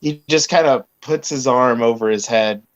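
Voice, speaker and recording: A man's voice: mid-range voice, lo-fi sound. A man playing a tabletop game, describing his character's actions in a descriptive way. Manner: slow, descriptive. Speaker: player.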